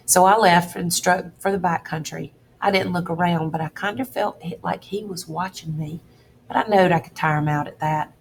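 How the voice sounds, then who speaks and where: Female audiobook reader, low-ish voice, steady folksy first-person storytelling, faint hiss. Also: normal speed, rough recording. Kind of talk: audiobook reading of a classic novel.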